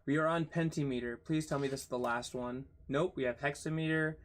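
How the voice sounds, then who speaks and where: Fairly quick and steady at a medium pitch, a young man reads from a textbook on his channel. He trips over hard terms and spells them out one letter at a time, tossing in grumbles and curses between readings.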